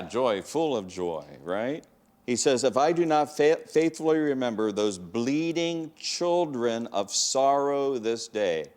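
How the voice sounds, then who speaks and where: A man's voice: medium pitch, smooth. A male teacher leading a classroom lesson, asking questions, calling on students and restating their answers.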